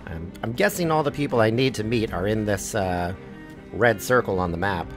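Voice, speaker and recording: A man streaming a game live, chatting casually and reacting loudly to what happens on screen. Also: lowish voice, animated, normal speed. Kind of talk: live gameplay commentary. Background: game music.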